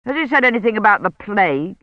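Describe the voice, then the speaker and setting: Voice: medium pitch, very animated, quick pace, no room sound, highs cut off, voice pushed up, lightly acted. A narrator voicing a curt, irritable older male scholar in an audiobook. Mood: brisk. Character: weary irritable older male college don.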